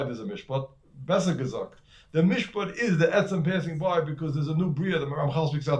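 A man's voice: mid-range voice, a little mellow, muffled recording. A man with giving a conversational Torah lecture as a rabbi, full of Hebrew and terms and repeated words. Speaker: rabbi teaching a class.

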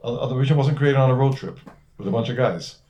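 A man's voice: mid-range voice, quick pace, mellow, muffled recording. Man giving a casual Torah talk. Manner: conversational, heavy Hebrew and Yiddish terms, repeats words. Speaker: rabbi teaching a class. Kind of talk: Torah lecture.

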